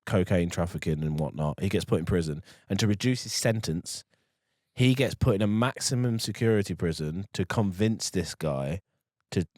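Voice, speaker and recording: Guy on a podcast, lowish voice that swings all over, dry close sound. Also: normal speed, no echo. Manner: rambling, animated, swears a lot, puts on voices. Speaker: podcast co-host. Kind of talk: casual chat.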